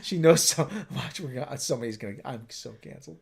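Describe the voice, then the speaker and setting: A man's voice: mid-range voice, quick pace, creaky, breathy edge. A man hosting a livestream in sarcastic, rambling casual chat. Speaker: livestream host.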